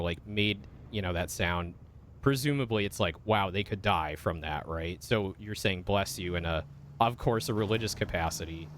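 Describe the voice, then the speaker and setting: With a deep but slightly bright voice, a vtuber streamer chats casually with viewers during a video game. His talk wanders through rambling asides full of fillers, and he swears a lot when the game gets heated.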